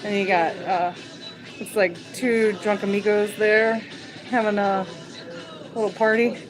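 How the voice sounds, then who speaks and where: A woman's voice: medium pitch, steady tone, a little slow, poor audio. A woman hosting a casual livestream from a shop late at night. She chats and giggles, and greets viewers as she goes. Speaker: livestream host. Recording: clear music behind.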